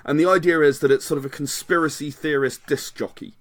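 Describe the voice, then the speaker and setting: A man's voice: a little high, steady tone, a little fast, fairly bright tone, dry recording, clean studio sound. A man, a game designer chatting as a podcast guest, rambling and qualifying himself with frequent laughs. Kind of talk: casual podcast interview.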